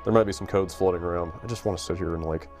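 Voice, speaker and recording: A man's voice: deep voice, steady tone, racing, darkish tone. A man hosting a video game stream, chatting casually, rambling and correcting himself with dry humor. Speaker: video game show host. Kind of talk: casual chat while playing a game. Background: faint game music.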